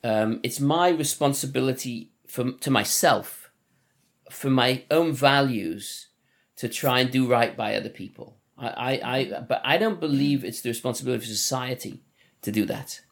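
In a casual conversation, a Liverpool-accented father who hosts a podcast talks at normal speed in a mid-range voice. His manner is thoughtful and relaxed, with many restarts.

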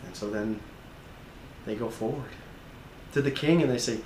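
A man's voice: medium pitch, normal speed, pauses often, echoey room, a little hiss or hum. A man preaching a sermon, telling the story vividly with frequent restarts, in a church. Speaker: pastor.

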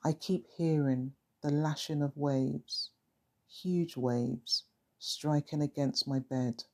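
A storyteller voicing a frightened young woman who survived trauma, talking softly and pleadingly with sentences that trail away. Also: medium pitch, steady tone, slow.

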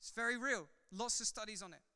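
A man who is a pastor, preaching a sermon in a church hall, swinging from loud fervor to soft, chatty asides. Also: high-pitched, fast, clear, resonant tone. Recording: long hall reverb.

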